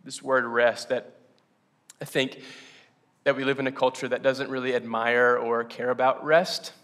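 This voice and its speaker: A man's voice: mid-range voice, flat delivery, unhurried, fairly bright tone. A man preaching a casual, conversational sermon to his congregation, laughing often and asking them questions. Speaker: pastor.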